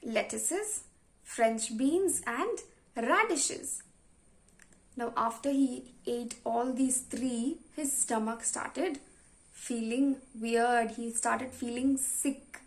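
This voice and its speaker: Woman teacher, high voice, patient questions for young pupils. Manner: slow, patient, asks the class questions. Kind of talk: explaining a story to young children.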